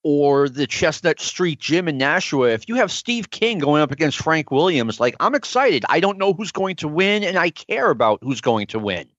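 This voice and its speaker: A man's voice: a little high, big pitch swings, normal speed, few pauses, a bit bright, dry recording. A man in casual chat, enthusiastic, sharing memories and asking questions. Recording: dry, dull lo-fi sound.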